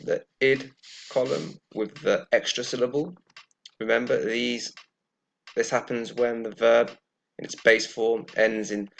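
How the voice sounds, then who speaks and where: Slow, gravelly-voiced man teaching pronunciation. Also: mid-range voice. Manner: slow and deliberate, repeating words carefully. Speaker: English teacher. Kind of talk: slow, careful pronunciation lesson.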